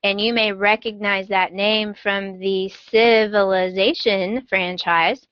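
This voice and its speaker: A woman's voice: mid-range voice, steady tone, slow pace, dry recording, muffled recording. A woman hosting a podcast in casual chat, playful and enthusiastic. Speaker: podcast host.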